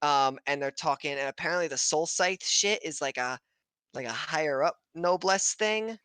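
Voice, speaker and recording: A man's voice: on the high side, bright, forceful tone, clean tone, dry recording. A man co-hosting a podcast stream, recapping an episode in a casual, swear-filled ramble, laughing and briefly mimicking characters. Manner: swearing, laughing, acting out characters in quick voices. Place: home setup on a stream.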